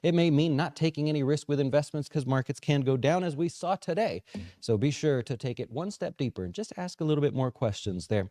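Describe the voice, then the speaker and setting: A man's voice: brisk, no room sound, clean studio sound. A man hosting a market recap show as a financial advisor, chatty and jokey, correcting himself as he goes. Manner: lively pitch swings. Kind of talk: casual market recap talk.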